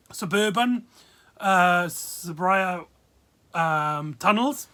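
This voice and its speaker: A video reviewer with a bright, forceful, mid-range voice talks casually and rambles. The talk is full of fillers, asides, and laughs.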